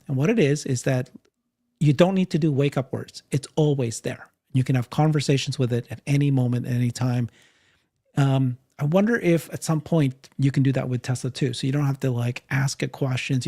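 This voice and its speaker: A man co-hosting a podcast, talking in a casual, animated way, often laughing and restarting his sentences. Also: medium pitch, creaky. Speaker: podcast co-host. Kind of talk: casual panel chat.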